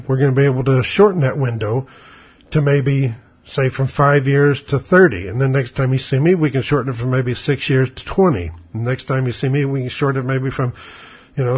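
Older man, husky voice, blunt and sarcastic, rambling storyteller, dull lo-fi recording. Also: medium pitch. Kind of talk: casual spoken monologue.

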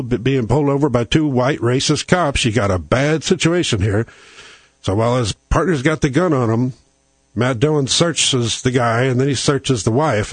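A man's voice: mid-range voice, dry recording. A man hosting a talk show, telling a long rambling story in a casual way. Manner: rambling storyteller who acts out quoted lines.

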